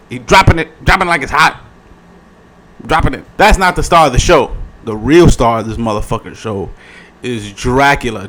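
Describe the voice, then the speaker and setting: A man giving a casual review in his vlog, swearing freely in an animated, slangy way. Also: mid-range voice. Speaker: video reviewer.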